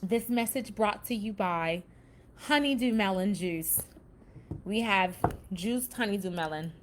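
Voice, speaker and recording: A woman's voice: medium pitch, a little slow, a little hiss or hum. A woman hosting a casual self-help talk, chatting loosely and reading out affirmations with emphasis. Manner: chatty, reads affirmations with emphasis, says "baby" and "y'all". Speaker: spiritual self-help host.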